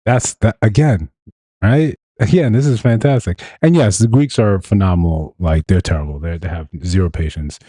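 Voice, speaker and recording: Man, live show host, low pitch, dry close sound, rambling, gossipy reaction talk. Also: normal speed, mellow, dry recording. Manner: rambling and gossipy, with many fillers and restarts.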